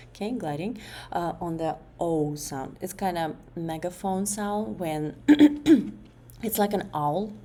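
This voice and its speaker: A woman with a low, mellow voice walks through voice exercises for a class presentation. She pauses often with fillers and restarts her phrases. Faint room ambience sits behind her. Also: slight background noise. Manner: hesitant, many fillers and restarts.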